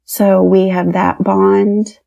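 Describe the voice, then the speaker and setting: A woman's voice: mid-range voice, flat delivery, takes it slowly, creaky, dark tone. A woman in her thirties from Pennsylvania, telling her personal story as a podcast guest and acting out the dialogue as she retells it. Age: 30s.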